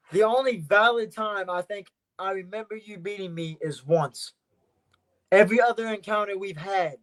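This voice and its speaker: A man with a notably high speaking voice guests on a podcast as a wrestler. He talks trash with cocky confidence, hammering the same points again and again. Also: a bit bright. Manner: boastful trash talk, repeats his points. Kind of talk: casual podcast interview.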